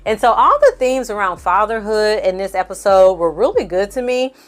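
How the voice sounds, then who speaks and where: A woman's voice: medium pitch, sing-song, normal speed. A woman recapping a TV series in a casual, opinionated and slangy way. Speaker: film and TV recap reviewer. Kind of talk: casual review chat.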